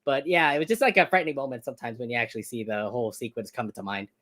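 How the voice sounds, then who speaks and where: A co-host with a middle-pitched voice recaps cartoon scenes in loose, rambling sentences. The speaker trails off with fillers and turns to the other host with questions. The tone is relaxed, ordinary fan chat. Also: rapid-fire. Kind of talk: casual episode review chat.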